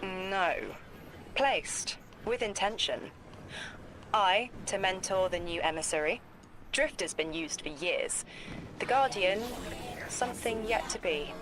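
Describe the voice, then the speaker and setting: An actress playing a grave, visionary seer who speaks in measured riddles, as video game dialogue. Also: female voice, medium pitch, background noise, close to an everyday voice. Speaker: mystic guide character. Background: game music.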